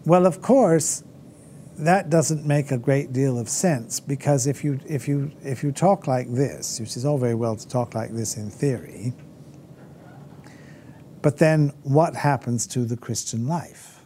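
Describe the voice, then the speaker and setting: A man's voice: medium pitch, measured pace, mellow, slight background noise. A man lecturing on theology off the cuff, with frequent fillers and restarts, posing rhetorical questions and mimicking critics. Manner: hesitant, many fillers and restarts. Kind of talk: unscripted classroom lecture.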